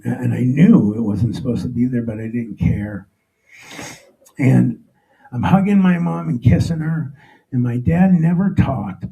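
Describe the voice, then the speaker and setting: A middle-aged man telling his own story on stage to a live audience, emotional and halting, often restarting his sentences. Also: medium pitch, vocal fry, dark tone, low-quality recording.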